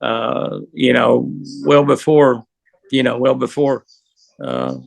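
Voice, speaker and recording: A man's voice: mid-range voice, level tone, takes it slowly, vocal fry, no echo. An older man, a professional angler, telling rambling, folksy anecdotes in an interview. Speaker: pro angler guest. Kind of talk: storytelling interview.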